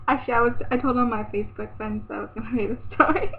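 A woman's voice: on the high side, fairly even intonation, brisk, creaky, hardly any pauses. A teenage girl ranting in a casual webcam vlog, chatty and giggly, rambling and exasperated. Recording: tinny phone-like webcam audio, faint hiss.

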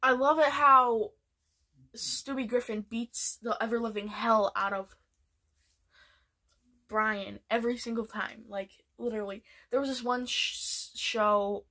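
Excitable bright-voiced woman vlogger. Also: fairly high pitch, measured pace. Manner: excitable, rambling, lots of fillers. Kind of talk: casual show ranking.

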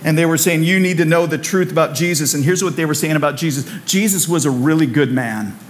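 A man's voice: a little high, fast talker, slight background noise. A man preaching a sermon in a church, conversational and repetitive, with humorous asides. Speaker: pastor. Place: church sanctuary.

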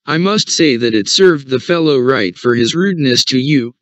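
A man reading a flattering rude male moth. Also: medium pitch, normal speed, dry recording, lightly acted. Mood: oily. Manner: sweet, ingratiating talk. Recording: dull, dry recording.

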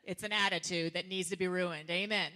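A woman preacher, giving a lively sermon full of laughter, casual slang and sarcastic humor. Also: lowish voice, brisk.

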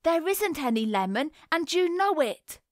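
A woman's voice: a little high, lively intonation, measured pace, no echo, clean studio sound. A woman voicing a rude, blustering young boy who growls and bawls at the other children in a storybook reading. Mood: surly. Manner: growling, bawling.

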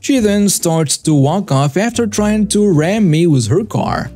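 Guy reading a story out, same even voice for everyone, little guitar music in the back. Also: sits high, unhurried. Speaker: story narrator. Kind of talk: scripted narration of a reader story. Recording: faint music behind the voice.

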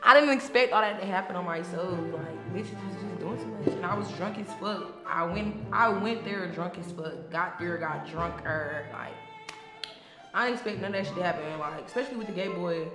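A woman's voice: on the low side, normal speed. Brash, foul-mouthed woman, loose unscripted tell-all, frequent laughs, roomy echo. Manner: brash and profane, laughs often. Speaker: reality TV personality looking back on her show. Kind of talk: casual unscripted monologue. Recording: echoey room with music underneath. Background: music.

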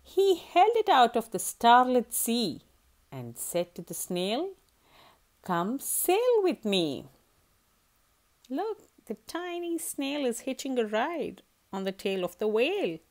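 A woman reading a rhyming children's story aloud in a sing-song voice. Her pitch rises and falls widely with each line, and she takes her time, letting each rhyme land slowly. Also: big pitch swings, a little mellow.

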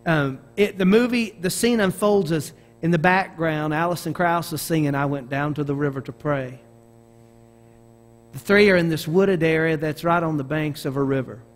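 A middle-aged pastor from Arkansas, Southern accent clear, delivers a sermon in a fairly high-pitched voice. He preaches through animated storytelling, with many restarts along the way.

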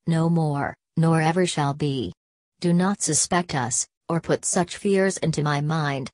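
A woman's voice: low voice, a little mellow, dry recording, studio quality. A woman voicing an earnest, impetuous young noble daughter who speaks eagerly.

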